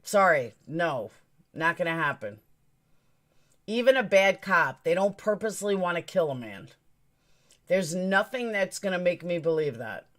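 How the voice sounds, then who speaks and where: A woman's voice: lowish voice, expressive, unhurried. A woman hosting a true crime live stream, talking straight to her chat in a blunt, emphatic, opinionated way.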